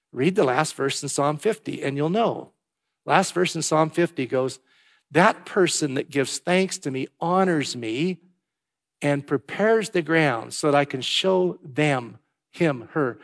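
A man preaching a sermon, swinging between hushed, tender passages and loud, emphatic ones. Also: a little high, gravelly. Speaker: pastor.

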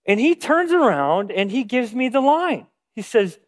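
Animated pastor telling a story. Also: male voice, very high voice, unhurried, hardly any pauses. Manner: storytelling with acted-out quotes. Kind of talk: sermon.

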